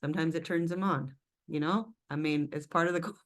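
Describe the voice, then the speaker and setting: A middle-aged woman co-hosting a casual talk show, lively and teasing, laughing easily. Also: sits low, a little fast. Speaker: co-host. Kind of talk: casual chat.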